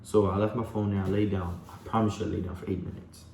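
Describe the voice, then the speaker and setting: Low, flat-voiced young man telling his story. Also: fast. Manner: rambling, full of "like" and "you know", addresses viewers as y'all. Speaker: vlogger. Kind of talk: personal storytelling to camera. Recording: echoey room with faint background hum.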